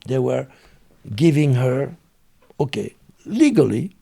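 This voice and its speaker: A man with a French accent, a guest telling his story in halting, broken English with many fillers. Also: medium pitch, big pitch swings, gravelly, warm tone, breathy edge. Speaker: interview guest. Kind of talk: casual storytelling.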